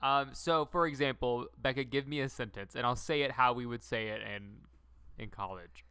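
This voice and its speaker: Bright, crisp young male podcast co-host. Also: mid-range voice, steady tone, moderate pace, dry recording, studio quality. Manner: giggly, rambling, drops into silly put-on voices. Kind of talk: casual chat.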